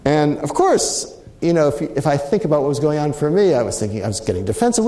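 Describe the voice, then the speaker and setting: A man's voice: fairly high pitch, very animated, fast, mellow. A middle-aged man, a mediator, telling an anecdote in a reflective way with frequent restarts. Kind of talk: storytelling talk. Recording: roomy echo.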